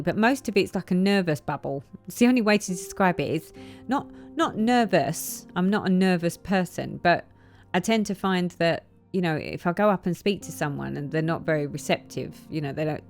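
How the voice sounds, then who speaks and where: A chatty woman talks straight to her viewers, retelling a story and slipping into quoted voices. Her voice sits a little low, with faint music playing behind. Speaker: flosstube vlogger. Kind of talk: casual chat to camera.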